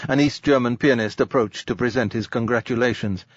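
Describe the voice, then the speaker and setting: A man's voice: medium pitch, a little fast, no echo, muffled recording. A man reading literary fiction as an audiobook narrator, lifting his voice for the quoted characters. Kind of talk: scripted narration.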